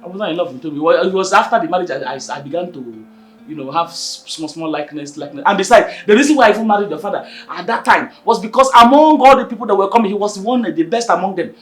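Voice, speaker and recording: A woman's voice: fairly low pitch, animated, fast, faint music behind, lightly acted. An actress with a Nigerian accent playing a greedy, scornful middle-aged mother in a film drama, stammering as she mocks. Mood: scheming. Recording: echoey room.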